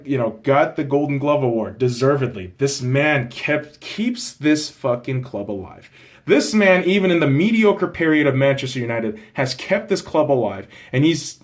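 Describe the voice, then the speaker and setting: Young man hosting a casual football season review, ranting with lots of swearing. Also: a little high. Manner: profane, animated ranting. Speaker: host.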